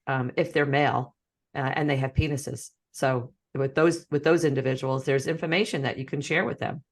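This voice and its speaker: A woman co-hosting a podcast in casual chat, playful and encouraging to listeners. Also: rumbling low. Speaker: podcast co-host.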